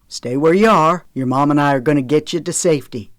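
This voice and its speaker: A narrator voicing a calm, steady man who talks a scared boy through a rescue, reassuring and giving clear instructions in an audiobook. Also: medium pitch, moderate pace, no room sound, clean studio sound, lightly acted. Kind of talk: audiobook character reading.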